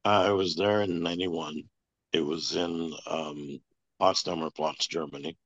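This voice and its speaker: Very deep husky man, lo-fi. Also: fairly even intonation, unhurried, a bit bright, dry recording. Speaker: interview guest. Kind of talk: storytelling interview. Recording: dull lo-fi sound.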